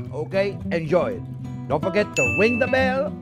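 A man hosting a cooking demonstration, chatty and excitable, with many fillers and repeated exclamations. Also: fairly high pitch, normal speed, over music. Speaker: chef hosting a cooking show.

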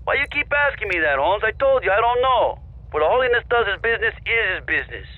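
Game role: easygoing slangy street racer, over a tinny phone line. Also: male voice, sits high, big pitch swings, fast talker. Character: laid-back young male street racer friend. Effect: phone call. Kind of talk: video game voice acting.

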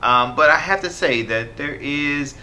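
A man co-hosting a movie review, speaking in a measured, articulate way with a dry wit. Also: a little high, sharp tone, slight background noise. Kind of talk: casual review chat.

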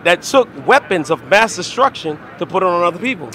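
A man preaching on a city street outdoors, combative and lecturing, often raising his voice to a shout. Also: high voice, expressive, a little fast.

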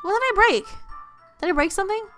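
High bright-voiced woman playing a game. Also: expressive, fast, faint music behind. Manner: reads game lines in playful put-on voices. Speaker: let's play gamer. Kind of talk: reading game dialogue aloud with commentary. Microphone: home microphone, no camera.

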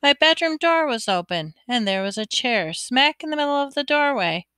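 A woman reading a children's chapter book aloud, telling it in an expressive first-person way. Her voice is bright and crisp. The recording is dry and close, with no room sound. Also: high voice, moderate pace, no room sound. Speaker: audiobook reader. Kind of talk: storybook read-aloud.

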